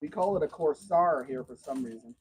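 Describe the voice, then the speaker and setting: A man's voice: a little high, brisk, darkish tone, a little hiss or hum, low-quality recording. A man hosting a casual livestream from home, telling long rambling stories in a chatty way. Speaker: livestream host.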